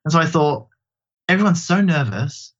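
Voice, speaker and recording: Guy on a podcast, kinda high voice, chatty and self-deprecating, muffled lo-fi audio. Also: expressive, moderate pace. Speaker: guest, drag performer. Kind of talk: casual interview chat.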